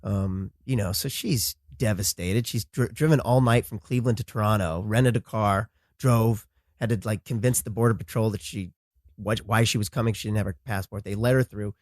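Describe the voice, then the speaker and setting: A man as a podcast guest talking casually, often halting and restarting his words. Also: on the low side, darkish tone, no room sound, studio quality. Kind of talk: casual conversation.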